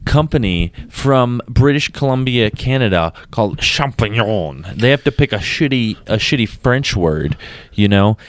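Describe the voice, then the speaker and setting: A man co-hosting a comedy podcast, rambling through news with halting restarts in a casual chat. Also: medium pitch, expressive, no echo. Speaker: podcast co-host.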